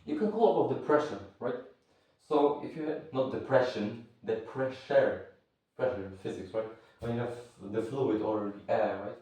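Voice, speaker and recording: A man's voice: mid-range voice, normal speed, warm tone. Man teaching in an echoey room. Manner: rambling, restarts and searches for words. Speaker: martial arts instructor. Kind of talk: casual spoken lesson. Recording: echoey room, far from mic.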